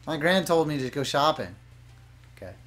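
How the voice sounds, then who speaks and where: A man's voice: fairly high pitch, animated, moderate pace, fairly bright tone. A young man doing casual, crude, teasing banter while commenting on a video game. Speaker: let's play commentator.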